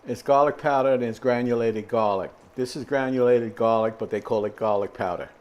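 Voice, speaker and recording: An older man hosts a casual cooking demonstration from his home kitchen, rambling and chatting with plenty of fillers and asides. His voice is medium-pitched, a little fast and a little mellow, and the highs are cut off.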